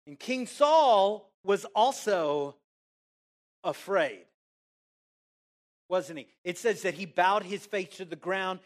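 A man preaching a sermon in church, animated and casual, asking the congregation questions and answering them himself. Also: high voice. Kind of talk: interactive sermon.

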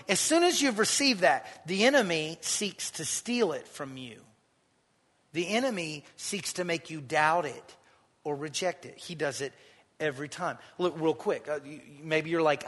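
A man pastor preaching a sermon, calling on the congregation to answer and swinging from loud exhortation to quiet storytelling. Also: on the high side, animated, moderate pace, in a large hall.

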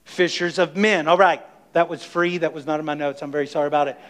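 A middle-aged man preaching a sermon as pastor of his church, emphatic and energetic, calling on the congregation to respond. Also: a little high, fast. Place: church sanctuary.

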